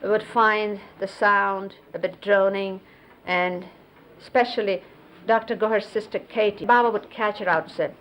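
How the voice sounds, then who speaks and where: A woman recalling memories in an unhurried storytelling way, explaining and demonstrating hand gestures as she goes. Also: mid-range voice, steady tone, a bit bright, dull audio, slight background noise. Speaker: close companion recounting memories of a spiritual teacher. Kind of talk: reminiscing storytelling. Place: 1970s videotaped sit-down interview.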